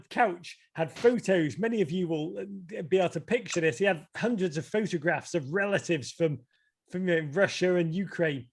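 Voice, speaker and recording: Speaking in a high, gravelly voice, a Liverpool-accented man from England shares stories on a video call about the book he wrote. He reads and discusses it casually, bringing quoted characters to life by acting out their voices.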